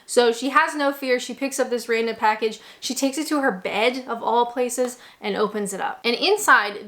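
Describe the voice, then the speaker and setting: A woman's voice: fairly high pitch, a bit bright. Sarcastic Canadian woman recapping a movie. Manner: sarcastic, laughing asides. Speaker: movie reaction host. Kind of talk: casual recap commentary.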